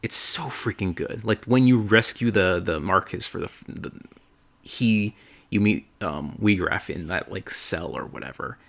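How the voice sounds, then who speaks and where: Podcast co-host, male, deep gravelly voice, enthusiastic rambler. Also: measured pace. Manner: excited, rambling, swears freely. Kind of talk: casual chat recapping a game.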